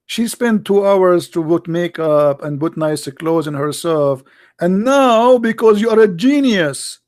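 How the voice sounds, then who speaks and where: Hosting a livestream with callers, a man sneers at a religious debate through sarcastic rhetorical questions in non-native English. His high, darkish voice is animated, though his pace stays measured.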